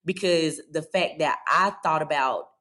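Woman in her 30s, kinda low voice, talks real open and heartfelt, lots of "you know". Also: unhurried, a bit bright. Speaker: podcast guest. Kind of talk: personal storytelling.

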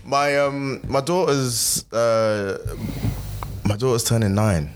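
A man's voice: medium pitch, takes it slowly, noisy background. A man, co-hosting a casual podcast and often hesitating, repeating words and laughing. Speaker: podcast co-host. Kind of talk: casual chat.

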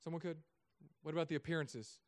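Male pastor, sermon, smooth clear voice, fairly high, humorous storytelling, soft quiet stretches. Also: fast. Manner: animated storytelling with self-mocking humor; drops to soft, quiet tones.

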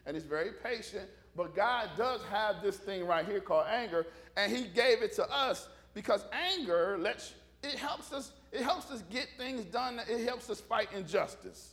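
A man's voice: high-pitched, expressive, moderate pace, few pauses, a bit bright. A middle-aged male pastor, preaching a folksy sermon full of stories and calls for amens. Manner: folksy storytelling with call-and-response.

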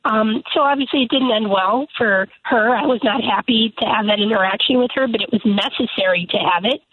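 A woman lawmaker calls in to a radio interview, emphatic and indignant in how she argues her case. Her voice sits a little high and sounds husky. It comes through a tinny, dry phone line. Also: a little fast, no room sound. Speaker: lawmaker guest. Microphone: telephone.

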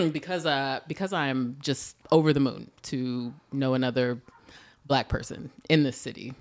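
Host, female, lively teasing delivery, voice swoops all over. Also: deep voice. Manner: teasing, animated, frequent laughter. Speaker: podcast host. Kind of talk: playful interview banter. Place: San Francisco.

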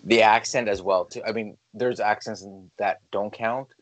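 A man's voice: lowish voice, fairly even intonation, moderate pace, poor audio. A young man chatting casually as a podcast co-host, rambling, swearing and mumbling. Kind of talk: casual chat.

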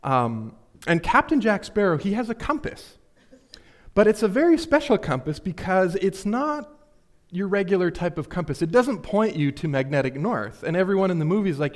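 A man's voice: fairly high pitch, lively intonation, moderate pace. A man preaching a sermon, earnest and questioning, speaking straight to his listeners. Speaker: pastor.

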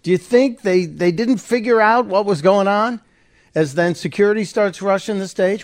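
Male radio host, slightly high voice, dry studio sound, sarcastic and opinionated running commentary. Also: normal speed, dry recording. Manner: animated, sarcastic, opinionated, narrating a clip as it plays. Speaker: radio talk show host. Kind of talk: live talk radio commentary.

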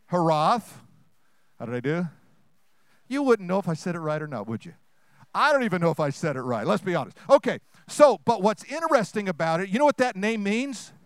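A man preaching a sermon to a congregation, asking them questions and swinging between loud, fast bursts and hushed, slow lines. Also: sits high, clean tone, dry recording, studio quality.

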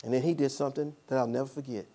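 A man's voice: medium pitch, fairly even intonation, rapid-fire, mellow. A man preaching a sermon as pastor, telling a personal story with call-and-response.

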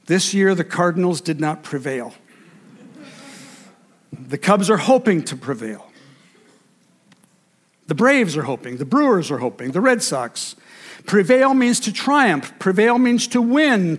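A man's voice: high voice, very animated, slow pace, long pauses. A male pastor delivering a sermon to a congregation, with emphatic, rhythmic preaching built on lists and repetition.

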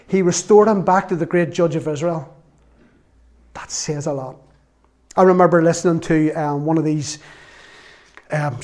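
A man's voice: fairly high pitch, dark tone. A man preaching a sermon, reading scripture aloud with earnest feeling and a self-mocking sense of humor.

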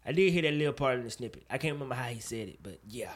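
A man co-hosting a casual chat show, talking in an animated, profane way and pressing his point with rising emphasis. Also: medium pitch, rapid-fire. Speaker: podcast co-host.

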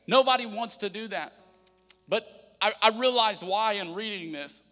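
A man's voice: sits high, lively intonation, quick pace, pushed and bright, long reverb tail. A young adult man preaching a sermon as pastor, conversational and emphatic, often voicing prayers aloud. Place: church hall.

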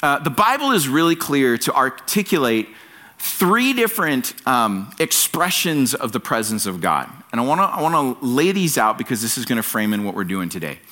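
A man's voice: mid-range voice, big pitch swings, normal speed, bright, forceful tone. A man preaching a sermon as pastor at a church service, earnest and emphatic, repeating his key phrases.

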